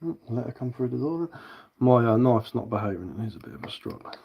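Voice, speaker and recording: A man's voice: mid-range voice, lively intonation, a little fast, gravelly, muffled recording, background noise. A man with a southern English accent chatting casually on a live stream as he carves wood, rambling and answering viewer comments while he works.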